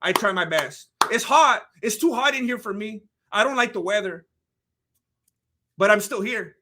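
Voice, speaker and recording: Man, from California, high voice, bright tone, rambling livestream chat, lots of fillers. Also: animated, moderate pace. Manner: rambling, chatty, heavy on "like" and "you know". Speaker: livestream fight commentator. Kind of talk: casual livestream chat reading comments.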